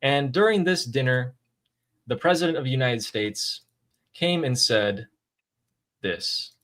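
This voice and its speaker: A man's voice: mid-range voice, expressive, a little slow, fairly bright tone. A man co-hosting a political commentary show, explaining the news in a casual, emphatic way.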